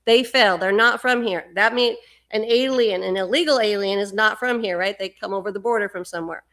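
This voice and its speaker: A woman's voice: mid-range voice, brisk, a bit bright. A middle-aged woman hosting a livestream, talking fervently in a rambling spiritual monologue and often repeating words. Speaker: livestream host.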